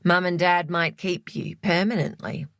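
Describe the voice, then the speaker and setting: A woman's voice: on the low side, fairly even intonation, measured pace, vocal fry, fairly bright tone, no echo, clean studio sound. Woman voicing a protective man, blunt and curt, audiobook. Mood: dry.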